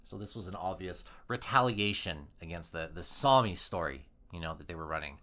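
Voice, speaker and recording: Lively bright-voiced man, joking podcast chat. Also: low-pitched, brisk. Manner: joking, swears freely, laughs often. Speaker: podcast co-host. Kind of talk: casual chat.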